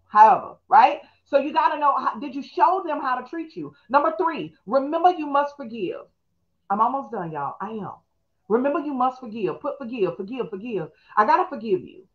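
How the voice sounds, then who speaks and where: A middle-aged woman pastor, teaching fast in a live-streamed talk and calling on her listeners to respond. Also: sits high, very animated, highs cut off. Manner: fast, call-and-response, preacherly.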